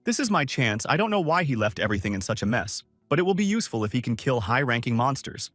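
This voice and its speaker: A man's voice: mid-range voice, big pitch swings, fast, a bit bright, no echo, faint music behind. A man reading as a scheming young student mage.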